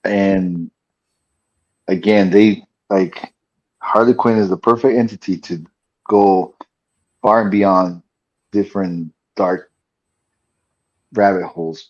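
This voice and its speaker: Male co-host, low and husky, rambling, lo-fi mic. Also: a little mellow. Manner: rambling, halting, full of fillers. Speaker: podcast co-host. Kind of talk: casual chat. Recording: dull lo-fi mic.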